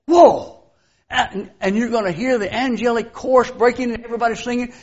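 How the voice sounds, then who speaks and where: An older man preaching a sermon, telling folksy stories and swinging from hushed asides to loud exclamations. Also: extremely high pitch, fairly even intonation, fast talker, dull audio.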